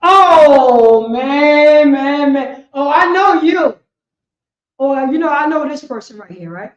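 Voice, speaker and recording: A high-voiced woman with a New York accent preaches to a religious class, loud and impassioned, breaking into shouts and swearing. Her voice echoes around a roomy space, and the stream audio sounds dull and lo-fi. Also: animated, takes it slowly. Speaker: class teacher. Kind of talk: fiery street-style religious teaching.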